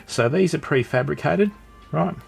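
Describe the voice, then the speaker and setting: A man's voice: a little high, moderate pace, vocal fry, faint music behind. A man with an Australian accent hosting a casual live stream, chatting and greeting viewers while he works with his hands.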